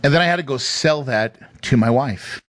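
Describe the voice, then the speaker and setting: At a normal speed, a man with a mid-range, fairly bright voice hosts a podcast, relating a personal story in an emphatic, emotional way. He laughs often into his studio mic, and no room sound is audible.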